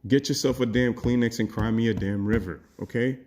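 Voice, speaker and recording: A man's voice: medium pitch, a little fast, darkish tone, slight background noise. A man giving a heated, opinionated sports rant as a commentary YouTuber, blunt and swearing freely.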